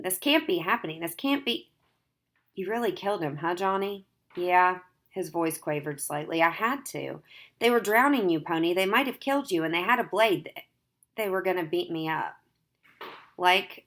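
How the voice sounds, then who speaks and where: A woman with a fairly low voice reads a novel chapter aloud. She narrates plainly and gives the characters only light touches in her own voice. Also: a bit bright. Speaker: teacher reading aloud.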